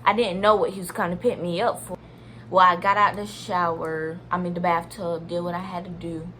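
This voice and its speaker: A woman's voice: on the low side, flat delivery, normal speed, pushed and bright, slight background noise. Chatty young woman telling a story. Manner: chatty, talks straight to viewers as "y'all"; rambling, restarts sentences, many "like"s. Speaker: vlogger. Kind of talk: casual storytime.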